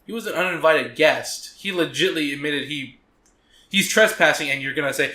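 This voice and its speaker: A man co-hosting a casual podcast, swearing freely and rambling through stories he acts out in quick voices. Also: a little high, sharp tone. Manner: profane, rambling storyteller who acts out scenes in quick voices. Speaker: podcast co-host. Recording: echoey room.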